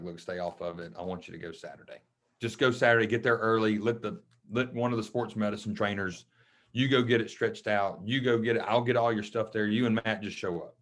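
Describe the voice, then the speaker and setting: Brief: man, a coach and podcast guest, fairly low voice, casual, emotional storyteller who acts out other people's lines. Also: a bit bright. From Mississippi.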